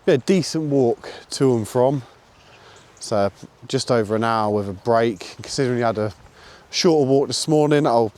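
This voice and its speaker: A man with a mid-range voice talks casually as he walks outdoors. He is relaxed and chatty, and explains dog training as he goes. It is a laid-back walking vlog. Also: medium pitch, normal speed. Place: outdoors on a walk.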